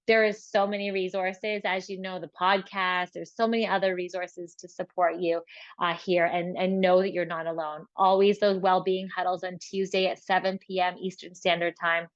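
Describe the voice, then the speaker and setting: A woman's voice: on the low side, flat delivery, normal speed, no room sound, muffled recording. Chatty woman hosting an online course. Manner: chatty and encouraging, with frequent fillers and restarts. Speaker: host of an online course open house. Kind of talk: casual webinar walkthrough.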